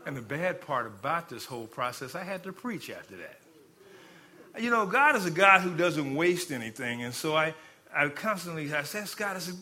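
A male pastor and hospital chaplain telling a personal story in a sermon, swinging from quiet, low passages to loud, fervent peaks. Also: big pitch swings, fairly quick. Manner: dynamic, rising to loud fervent peaks then dropping low.

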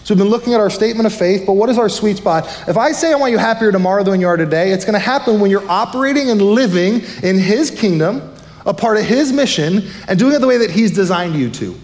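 A male pastor preaching a fired-up, fast-talking sermon to his church. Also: sits high, expressive, a little mellow, in a large hall. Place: church sanctuary.

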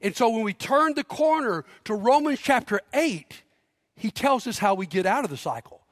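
A man's voice: very high-pitched, animated, moderate pace, clean studio sound. A man preaching a sermon as pastor, emphatic, leading the congregation in call-and-response. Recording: long hall reverb.

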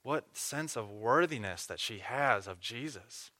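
Bright-voiced man preaching a sermon. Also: mid-range voice, expressive, measured pace. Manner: earnest teaching with questions and restarts. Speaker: pastor.

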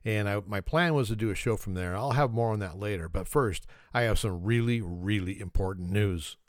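A man's voice: lowish voice, moderate pace. A man hosting his own podcast in a casual, joking solo chat, laughing at himself as he goes. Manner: joking, self-mocking, chuckles often. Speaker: podcast host.

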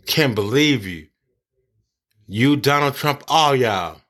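A man's voice: medium pitch, animated, slow pace, a bit bright. A man ranting angrily about politics, profane and blunt. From United States. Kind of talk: angry political rant.

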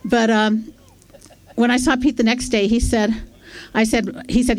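A woman's voice: on the high side, unhurried, darkish tone. A woman telling a casual, self-deprecating anecdote on stage at a storytelling festival, chatty and full of fillers.

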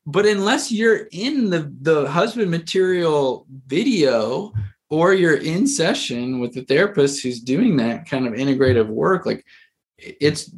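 A male therapist telling a story in a casual podcast conversation, rambling with lots of fillers and restarts. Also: on the high side.

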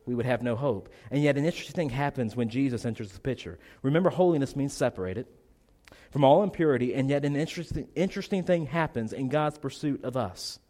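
A man's voice: medium pitch, expressive, fast talker, warm tone. A man preaching a sermon as pastor, earnest, with repeated phrases and rhetorical questions, still a little congested. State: slightly congested.

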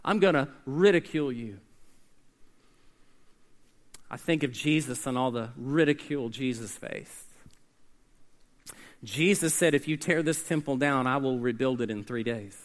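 A man preaching a sermon, swinging between hushed, slow stretches and loud, emphatic calls, and getting the congregation to answer back. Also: medium pitch. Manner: call-and-response with the congregation. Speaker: pastor.

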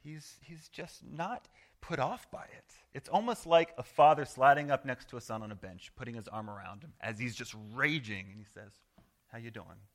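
A man preaching a sermon as pastor, earnest and conversational, swinging from loud to hushed and acting out quoted prayers. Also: mid-range voice, animated, normal speed. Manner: acts out quoted prayers and replies in voice.

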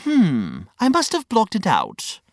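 A pompous, grumpy old know-it-all huffs his words out slowly, as a woman puts him on. His pitch leaps and falls widely in this children's audio story. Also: huge pitch swings, a little mellow, no room sound, clean studio sound, full character voice. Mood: huffy. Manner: pompous, huffy.

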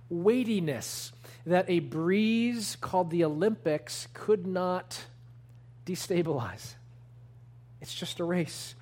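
A man preaching a sermon, earnest and emphatic, slowing down to lean on key words. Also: high-pitched, darkish tone. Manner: earnest, emphatic preaching with slow deliberate stresses. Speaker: pastor.

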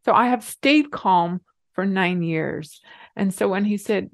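A middle-aged woman, a podcast co-host, telling a personal story in an emotional, animated way. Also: medium pitch, a little slow, vocal fry, no echo. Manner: emotional, animated retelling with laughs.

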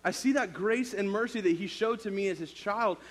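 A man's voice: high-pitched, normal speed. A man in his thirties, a youth pastor, preaching a sermon through a casual personal story full of fillers.

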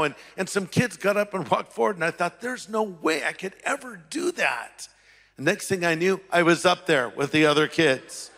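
Man, pastor, animated testimony, high voice, long hall reverb. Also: normal speed. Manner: animated, acts out voices in his story. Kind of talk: testimony sermon storytelling.

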